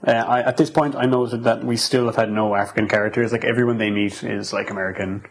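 A man's voice: fairly low pitch, fast, slight background noise, rough recording. A man co-hosting a casual film podcast, retelling scenes and quoting lines with lots of fillers. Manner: animated retelling with quoted lines. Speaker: podcast co-host. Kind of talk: casual film review chat.

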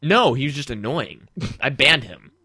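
A man co-hosting a casual online show, chatting in an animated, rambling way with restarts. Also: medium pitch, normal speed, dry recording, studio quality. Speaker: co-host. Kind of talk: casual chat.

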